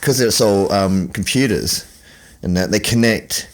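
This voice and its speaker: A man's voice: on the low side, a little slow, poor audio. A man, co-hosting a podcast in casual, rambling chat, swearing freely and acting out stories. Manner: rambling, swears freely, acts out phone calls. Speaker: podcast co-host.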